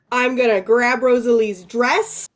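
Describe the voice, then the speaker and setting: Playful woman player, slow delivery, slightly high voice, laughs often. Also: fairly even intonation. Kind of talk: tabletop game play.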